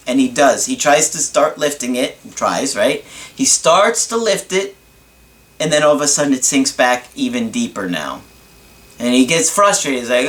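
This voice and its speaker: A man's voice: mid-range voice, expressive, normal speed, a bit bright. A man giving a casual motivational talk, earnest and emphatic, speaking directly to his listeners.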